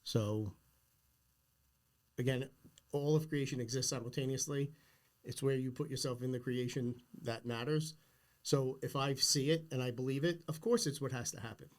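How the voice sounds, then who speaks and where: A middle-aged man hosts a casual podcast conversation, speaking earnestly and insistently about big ideas. His voice is medium-pitched and his speed is normal.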